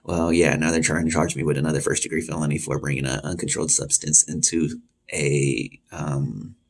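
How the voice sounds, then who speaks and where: A man's voice: a bass voice, fairly even intonation, normal speed, vocal fry. A man in his thirties casually telling a personal story and acting out the voices of the people in it. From Texas. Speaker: vlogger.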